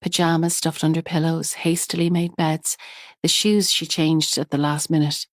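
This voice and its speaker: A woman narrating a thriller audiobook in a measured, calm way. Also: low-pitched, no room sound, clean studio sound.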